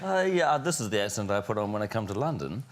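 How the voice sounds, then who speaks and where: A man in his forties with a New Zealand accent, joking through a film interview in a deadpan, sarcastic way with sudden loud outbursts. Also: lowish voice, fast talker. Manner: deadpan sarcastic wit with sudden shouted bits. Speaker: film director being interviewed.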